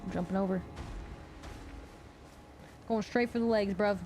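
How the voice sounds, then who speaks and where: A woman's voice: medium pitch, fairly even intonation, unhurried, over music. A woman streamer chatting casually while gaming, rambling with lots of "like" and swearing freely. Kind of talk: casual gaming livestream chat.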